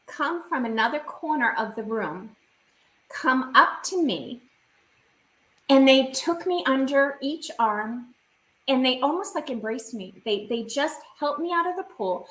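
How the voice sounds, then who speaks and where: A woman's voice: sits high, fairly bright tone, echoey room, rough recording. A woman guest on a video call, recounting a personal experience in vivid, emotional detail.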